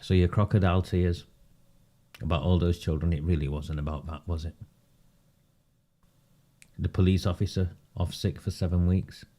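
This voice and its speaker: A man's voice: low voice, steady tone, moderate pace, long pauses, mellow. A man doing casual live commentary on local politics for his viewers. He talks in a sarcastic, mocking way and often breaks into laughter.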